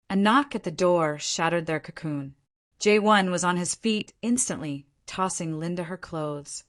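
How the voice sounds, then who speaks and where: A woman reads a romance story aloud in scripted narration. Her voice sits on the low side, and her delivery is dramatic and measured.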